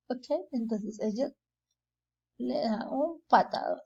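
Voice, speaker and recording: Woman, English teacher, bilingual storybook reading, slow, mellow, dull lo-fi recording. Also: fairly high pitch, lively intonation, gravelly, slightly rough. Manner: reads slowly, translating each line into Spanish.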